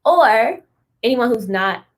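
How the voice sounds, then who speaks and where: A woman's voice: on the high side, lively intonation, slow pace. A young woman co-hosting a podcast, talking in a blunt, emphatic, slangy way. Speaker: podcast co-host. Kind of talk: casual chat.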